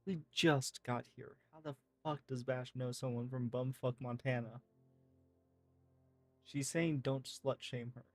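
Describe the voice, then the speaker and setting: A man reading game text messages aloud in a casual, lively way, swearing freely. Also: mid-range voice, measured pace, soft background music. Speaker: gaming streamer.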